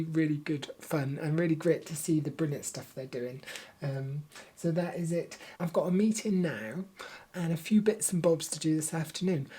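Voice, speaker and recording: A man's voice: fairly high pitch, warm tone, breathy edge. Guy, casual home vlog, upbeat, rambling with ums. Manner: chatty, upbeat, many filler ums. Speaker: vlogger and workplace trainer.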